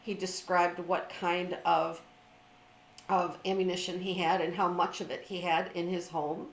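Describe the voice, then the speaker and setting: Middle-aged woman, lowish voice, telling her story slow with lots of ums, echoey room. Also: level tone, slight background noise. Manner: reflective, with frequent ums and restarts. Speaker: trauma recovery speaker. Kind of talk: informal personal storytelling.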